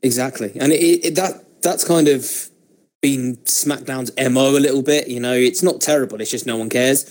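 A man's voice: medium pitch, moderate pace, darkish tone. A man co-hosting a casual chat podcast who talks in a laid-back way, with restarts. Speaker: podcast co-host.

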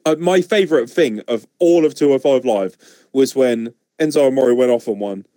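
A man's voice: medium pitch, normal speed, warm tone, no echo. A man co-hosting a casual review podcast, ranting sarcastically and swearing freely. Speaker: podcast co-host. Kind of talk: casual wrestling review chat.

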